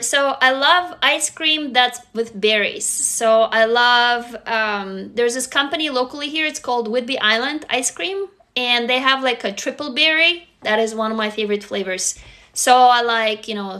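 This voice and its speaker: A middle-aged woman with a Russian accent talks candidly on a phone livestream, drifting between stories and reading viewers' comments aloud. Her voice is bright and clear, pitched a little high. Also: moderate pace. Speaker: livestream host. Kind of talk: casual livestream chat.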